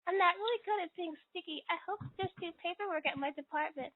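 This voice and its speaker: Very high-voiced woman reading a comic. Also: fast talker, no echo. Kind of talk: reading her own comic aloud. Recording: tinny phone-like dry audio.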